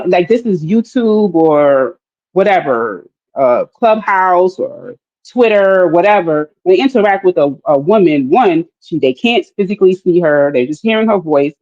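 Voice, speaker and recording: A woman's voice: fairly low pitch, mellow. A woman on a discussion panel, talking animatedly with many fillers and acting out quoted voices. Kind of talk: casual debate. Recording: dull lo-fi audio.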